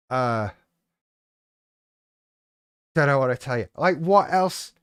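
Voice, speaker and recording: A man's voice: fairly high pitch, moderate pace, fairly bright tone, clear, resonant tone, no room sound, studio quality. A man hosting a live stream, chatting casually in a rambling, irreverent, sweary way and reacting to viewers' comments.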